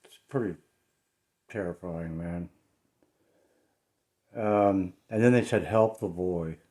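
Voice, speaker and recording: A man speaks slowly in a deep, mellow voice for a laid-back paranormal vlog shot inside his home. He comes across as uneasy and unsure, stumbling through lots of ums and uhs.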